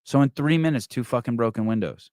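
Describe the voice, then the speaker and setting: A middle-aged man hosting a podcast, telling a story in casual, profane, animated talk. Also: medium pitch, fast talker, no echo, clean studio sound. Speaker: podcast host. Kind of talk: casual storytelling and reading comments.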